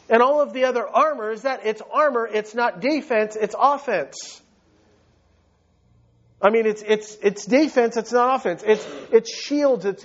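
Male pastor, high-pitched, emphatic preaching style with big swings; dull lo-fi recording. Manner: emphatic preaching, swinging between loud high peaks and low quiet drops. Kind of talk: sermon.

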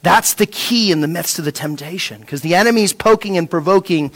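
A man preaching a sermon, asking rhetorical questions and repeating words as he restarts, dropping from a raised voice to a hush. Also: high-pitched, fairly quick. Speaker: pastor.

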